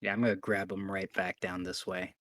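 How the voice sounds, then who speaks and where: A man playing a tabletop game, excitable and thinking aloud, often restarting his sentences. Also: sits low, fairly quick, dry recording. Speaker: player. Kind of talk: casual tabletop game play.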